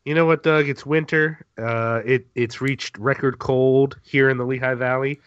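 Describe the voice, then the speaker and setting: A man's voice: mid-range voice, level tone, moderate pace, dry recording. A man co-hosting a comedic podcast while sick, making wry, sarcastic remarks. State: sick with a cold. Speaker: podcast co-host. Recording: dull, dry lo-fi sound.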